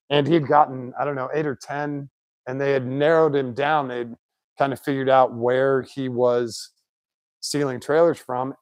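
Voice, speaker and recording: A man chatting casually in his home garage shop, telling lively anecdotes and mimicking the people in them. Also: medium pitch, no echo. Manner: chatty, animated anecdotes with put-on quotes. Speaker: shop owner, car builder. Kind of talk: casual storytelling.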